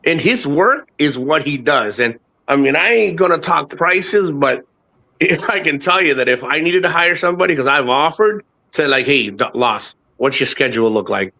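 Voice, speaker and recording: A man's voice: fairly high pitch, lively intonation, normal speed, sharp tone. A man in his fifties from the United States, a guest on a casual live chat, talks in a rambling, profane way and often repeats himself. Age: 50s.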